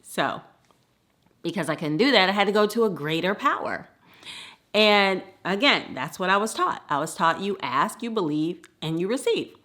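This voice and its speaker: A woman from the US Midwest telling a personal story in a lively way, laughing often. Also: mid-range voice, normal speed.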